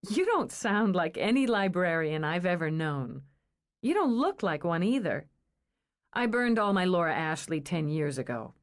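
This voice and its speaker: A woman's voice: on the low side, very animated, normal speed. A woman reading an audiobook, voicing a wry, teasing young woman who works at a gallery.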